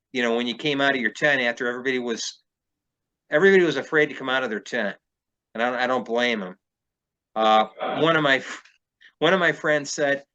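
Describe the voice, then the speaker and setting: A man's voice: mid-range voice, bright, forceful tone, poor audio. A man, a field researcher, telling a story in casual conversation, rambling with many fillers and restarts.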